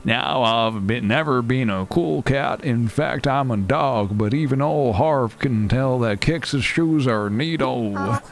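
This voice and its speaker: A man voicing a folksy old male dog character in a game, with slow, homely, old-fashioned talk. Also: mid-range voice, faint music behind.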